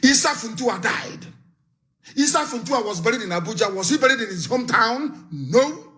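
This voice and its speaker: A man's voice: extremely high pitch, sing-song, normal speed, bright, forceful tone. A man with a Nigerian accent delivering a fiery live broadcast speech, full of repeated threats and warnings. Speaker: political activist broadcaster.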